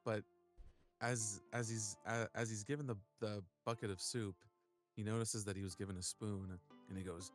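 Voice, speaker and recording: A man playing a tabletop game, describing his character's actions casually, with soft music behind. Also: on the low side, level tone, moderate pace. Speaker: player.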